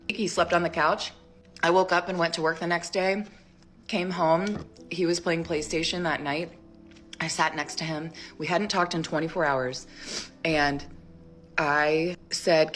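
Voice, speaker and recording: A woman in her thirties telling a personal story in a casual, rambling way, full of "like", acting out quoted lines with sudden jumps up in pitch. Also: steady tone, normal speed, a bit bright. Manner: chatty, rambling, heavy use of "like". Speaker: storyteller in a social media clip.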